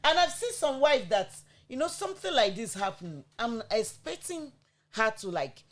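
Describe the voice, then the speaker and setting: A woman's voice: fairly high pitch, big pitch swings, normal speed. A woman with a Nigerian English accent, co-hosting a casual gospel radio chat, insistent and often checking in with "you understand?".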